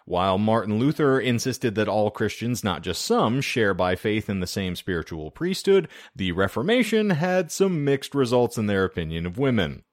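A podcast co-host with a lowish voice presents his research notes, partly reading them, in a wry, chatty history discussion full of fillers. He's very animated, talks at a moderate pace with few pauses, and the remote-call recording sounds dry and studio-quality.

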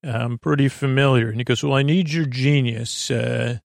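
A man retells an episode in loose, rambling podcast talk, full of fillers and restarts. His middle-pitched voice has a gravelly edge. The recording is dry and close, with no room sound. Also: fairly even intonation, normal speed, no echo. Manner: rambling, many fillers and restarts, quotes characters in his own voice. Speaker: podcast host. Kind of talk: casual episode recap.

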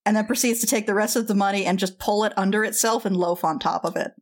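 A woman running a tabletop role-playing game, describing scenes in a relaxed way with frequent laughter and restarts. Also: medium pitch, fast. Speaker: game master.

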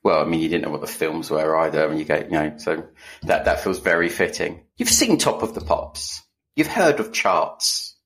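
A man's voice: a bass voice, expressive, moderate pace, a bit bright. A man co-hosting a podcast, chatting casually and telling stories with dry, self-mocking humor. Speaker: podcast co-host. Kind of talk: casual chat.

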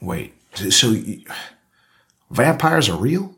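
A man plays a bewildered scriptwriter in a tabletop game who stammers through his lines. His voice is very husky and swings widely in pitch. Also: sing-song, takes it slowly, a bit bright, full character voice. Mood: confused. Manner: stammering, flustered. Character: confused stammering male scriptwriter.

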